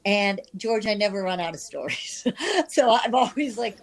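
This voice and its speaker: A woman in her fifties from the American Midwest, a sports reporter telling her career stories in an interview, animated and self-deprecating. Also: medium pitch, moderate pace, poor audio. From Midwest of the United States. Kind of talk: candid conversational storytelling.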